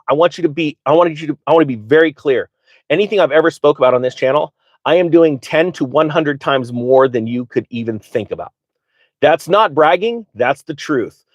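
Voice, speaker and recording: A man hosting a live finance stream, talking off the cuff with excitement, often stumbling and restarting, and speaking straight to his viewers. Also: on the high side, dry recording. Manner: direct, addresses viewers and asks them to type answers. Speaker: finance livestream host. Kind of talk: live unscripted finance talk.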